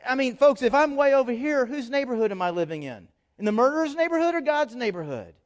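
Man, pastor, sermon, animated, high voice, joking asides. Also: fast talker, lo-fi sound.

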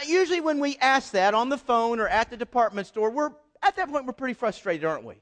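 A man with a high voice preaches a sermon. He talks in an animated, conversational way and speaks straight to the congregation, calling them folks. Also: quick pace. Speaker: pastor.

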